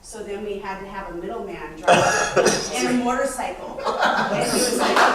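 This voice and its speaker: A woman on a convention panel telling a story with animated laughs. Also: medium pitch, moderate pace. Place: convention hall room before an audience. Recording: very echoey hall, far from mic, crowd behind.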